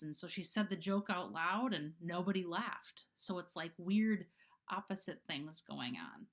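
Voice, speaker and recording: Unhurried and on the low side, this female reader's voice carries a casual storybook read-aloud of a children's book chapter. She's chatty, throwing in fillers and asides and performing animated character voices.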